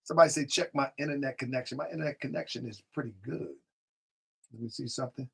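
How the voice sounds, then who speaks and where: Speaking quickly in a mid-range voice that's creaky and slightly rough, a man runs a casual live stream. He addresses chat directly, reads out their comments, keeps repeating himself, and sometimes wanders away from the mic.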